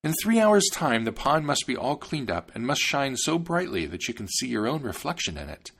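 A man voicing a gentle young princess who commands gnomes, raising his voice high for her calls. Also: big pitch swings, moderate pace, gravelly, slightly rough, exaggerated voice. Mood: commanding.

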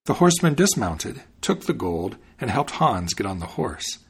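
A man hosting a podcast, reading a fairy tale aloud in an expressive storytelling manner. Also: lowish voice, moderate pace, gravelly, breathy edge. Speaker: podcast host and reader.

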